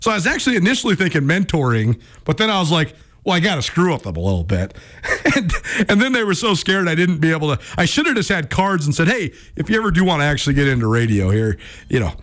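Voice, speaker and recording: A man in his thirties hosting a sports radio show, telling a story in a lively, self-mocking way with many restarts. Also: on the high side, quick pace.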